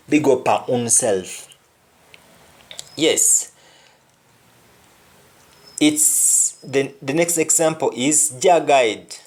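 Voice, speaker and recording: A woman's voice: very deep voice, a little mellow. A woman teaching a patois lesson, repeating each phrase and its reply. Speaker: language teacher.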